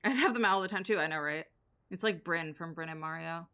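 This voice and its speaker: A woman's voice: on the low side, fast talker, a bit bright. A young woman streamer giving casual, sarcastic live commentary as she plays a game and banters with her chat.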